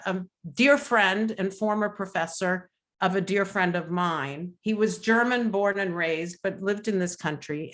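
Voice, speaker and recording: A middle-aged woman speaking on a webinar video call, telling a personal family testimony in a measured, reflective way with pauses and fillers. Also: medium pitch, fairly bright tone.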